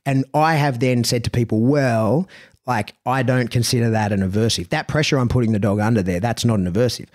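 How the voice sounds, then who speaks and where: A man's voice: mid-range voice, quick pace, few pauses, darkish tone. Male podcast co-host, discursive and casual, tags his points with "right?". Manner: discursive, loops back with frequent "right?" and "you know". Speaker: podcast co-host, dog trainer. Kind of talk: casual conversational podcast chat.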